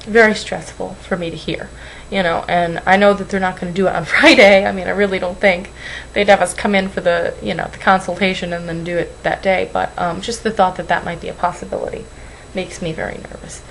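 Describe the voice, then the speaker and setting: A woman's voice: fairly low pitch, little pitch movement, a little fast, gravelly, few pauses, slight background noise, rough recording. A young woman vlogging at home into a webcam, rambling and apologizing, anxious and close to tears. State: tearful. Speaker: weight-loss vlogger. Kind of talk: emotional webcam vlog.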